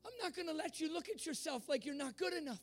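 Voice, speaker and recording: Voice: high voice, lively intonation, quick pace, faint music behind. A preacher acting out a forgiving father, exclaiming with emphatic joy in a sermon. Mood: insistent. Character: forgiving father, joyful and generous.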